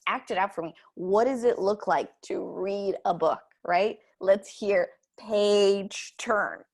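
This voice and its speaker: A woman hosts a comedy workshop show with an upbeat, mock-earnest delivery. Her voice sits at an everyday middle pitch. She hands out playfully overconfident notes. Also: slow, vocal fry, a little mellow.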